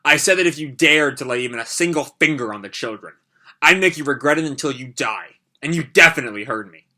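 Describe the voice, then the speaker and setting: A man voicing a furious but steady middle-aged ninja hero, reading manga lines aloud in a grim, measured way. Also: medium pitch.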